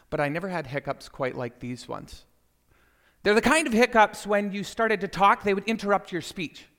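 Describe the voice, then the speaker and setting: A man telling a personal story to listeners, animated and speaking to them directly. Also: high voice, long reverb tail. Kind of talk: storytelling talk.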